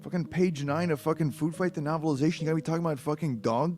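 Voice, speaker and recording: A man's voice: a little high, rapid-fire, hardly any pauses, a little mellow, soft background music. A man reading a book aloud on a livestream, with rambling, profane, exasperated asides. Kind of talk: comedic read-aloud livestream.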